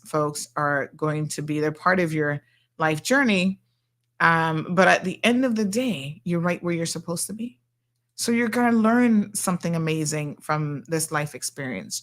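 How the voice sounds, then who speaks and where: Chatty woman host, low voice. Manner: chatty and animated, acting out quoted people. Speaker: talk show host. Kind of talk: casual storytelling monologue.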